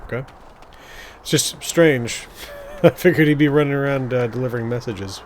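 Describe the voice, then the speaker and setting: A man's voice: mid-range voice, moderate pace, slight background noise. Casual man musing over gameplay. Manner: musing aloud, chuckling, rambling. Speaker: gaming video host. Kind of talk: casual game commentary.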